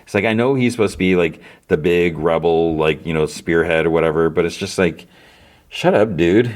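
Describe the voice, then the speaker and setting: A man with a notably deep, low voice talks through a show recap in a loose, casual way. He rambles, stacks up fillers and corrects himself as he goes, like a podcast host thinking out loud. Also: steady tone, fairly quick.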